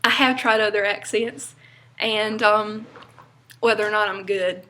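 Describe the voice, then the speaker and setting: A woman's voice: mid-range voice, fairly even intonation, measured pace, sharp tone. A young woman from North Carolina with a Southern accent, chatting casually to camera in a rambling way with lots of fillers. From North Carolina, USA. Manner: chatty, rambling, many fillers and little laughs. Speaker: vlogger.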